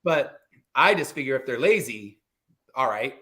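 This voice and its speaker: A man's voice: mid-range voice, animated, a little slow, a bit bright. A man guest on a podcast, a comic creator, telling stories in a casual, matter-of-fact way with some swearing. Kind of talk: casual interview chat.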